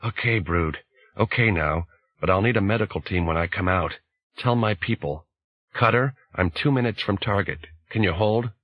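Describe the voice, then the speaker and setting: A man's voice: lowish voice, normal speed, no room sound, dull audio, close to an everyday voice. A man voicing a tough, wounded female mercenary who talks in clipped, terse bursts. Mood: strained, terse.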